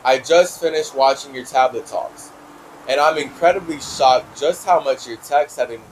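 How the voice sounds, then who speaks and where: A man hosting a spiritual talk show, reading a listener's letter aloud and answering it in a passionate, heated monologue with big swings in pitch and loudness. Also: slight background noise, low-quality recording.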